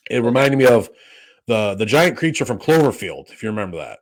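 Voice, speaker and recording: Rambling casual man, mid-pitched. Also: very animated, brisk. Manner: rambling, lots of fillers and restarts; swears freely. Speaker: podcast co-host. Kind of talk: casual chat.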